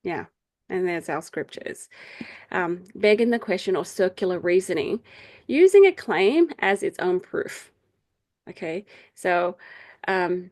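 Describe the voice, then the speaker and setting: A middle-aged woman leading a faith group meeting over a video call, explaining ideas in a casual, chatty way, laughing often and acting out quoted people in a higher voice. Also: slow, long pauses, a little mellow. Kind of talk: casual teaching talk.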